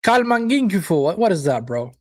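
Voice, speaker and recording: A man's voice: on the high side, lively intonation, moderate pace. A man hosting a live football watchalong, chatting casually, reacting to the match and viewers' comments, with occasional swearing. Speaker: watchalong host.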